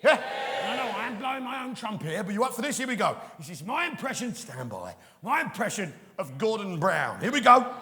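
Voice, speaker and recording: In a large theatre full of people, a stand-up comic rants and curses in a high, bright, forceful voice with big pitch swings and a fairly quick pace. "Right?" he keeps asking the audience, his words ringing through the reverberant hall.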